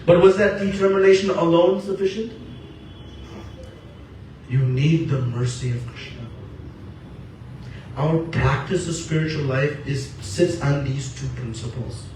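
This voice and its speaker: A man's voice: a little high, a little slow, long pauses, a little mellow, slight background noise. A man giving a spiritual talk in an earnest manner, asking questions and answering them himself. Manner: earnest, asks and answers his own questions. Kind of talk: sermon. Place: temple hall. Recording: echoey hall from far off.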